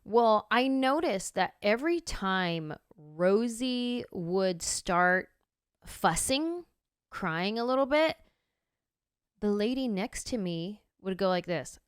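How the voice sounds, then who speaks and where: A woman in her thirties hosting a podcast, telling a story in a casual, animated way and acting out her own reactions. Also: medium pitch, slow pace, clean tone, no room sound, clean studio sound. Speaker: podcast host.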